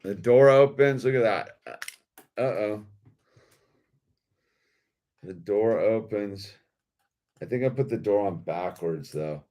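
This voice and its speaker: A man's voice: on the low side, takes it slowly, long pauses, warm tone. A man hosting a toy-building video in a laid-back, slangy way, saying dude a lot. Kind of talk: casual commentary while building.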